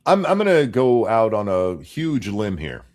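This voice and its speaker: A man with a fairly low voice co-hosts a casual political chat show. He rants bluntly, swears freely and restarts his sentences as he goes. He sounds like a talk-show regular speaking off the cuff. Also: huge pitch swings, a little slow, darkish tone. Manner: blunt, profane ranting with frequent restarts. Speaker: show co-host.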